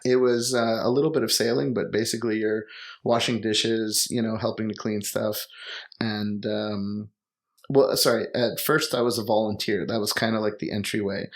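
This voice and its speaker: A young Canadian man telling travel stories in relaxed, rambling conversation, full of fillers. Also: fairly low pitch, normal speed. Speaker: guest. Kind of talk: casual storytelling conversation.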